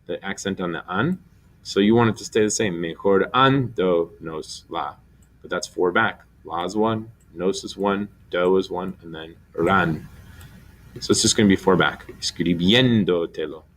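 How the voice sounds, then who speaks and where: A man teaching a recorded Spanish grammar lesson, explaining step by step and slowly spelling out syllables. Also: sits low, steady tone.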